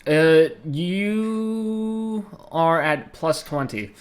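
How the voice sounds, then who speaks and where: A man with a Southern American accent, game master of an online tabletop game, relaxed and muttering to himself as he moves tokens. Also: a little high, drawn-out words.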